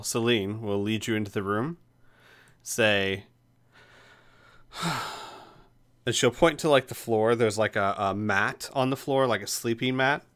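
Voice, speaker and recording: A man narrating as game master of a tabletop game, relaxed, with frequent fillers and laughs. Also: medium pitch, smooth.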